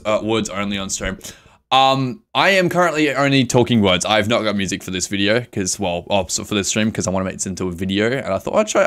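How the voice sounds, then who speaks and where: A man's voice: on the low side, fairly bright tone. A young man live streaming a video game, talking to his chat with melodramatic mock grief, swearing and laughing. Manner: reads chat aloud and answers it.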